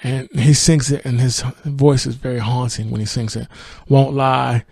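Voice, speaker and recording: Male podcast host, gravelly voice, dry close sound, casual music review with lyrics read aloud. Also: medium pitch, moderate pace, dry recording. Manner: relaxed, thinking aloud with fillers and restarts.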